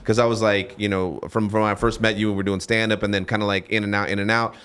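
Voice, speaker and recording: A man with a lowish voice talks fast and candidly on a podcast. He rambles and restarts his sentences, sharing personal stories in casual chat. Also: flat delivery, a bit bright, clear, resonant tone. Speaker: podcast host.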